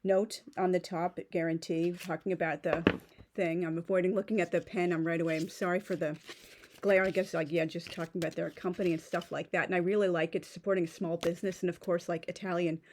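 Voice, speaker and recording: A woman's voice: lowish voice, little pitch movement, brisk, darkish tone, slight background noise. A woman in her thirties chatting casually through an unboxing, rambling with many fillers and restarts. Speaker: pen vlogger.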